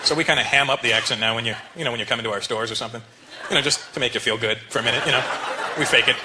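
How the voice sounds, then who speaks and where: A man doing stand-up comedy, animated and laughing often as he talks straight to the audience. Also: medium pitch, rapid-fire. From Canada. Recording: live club with loud crowd and noise.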